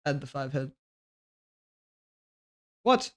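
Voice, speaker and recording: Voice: medium pitch, sing-song, drawn-out words, fairly bright tone. A livestreamer talking casually to their chat, loose and jokey with plenty of laughter and swearing. The voice sits in a mid range, and they often trail off while muttering through small tasks. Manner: talks to self while working, trailing off mid-sentence.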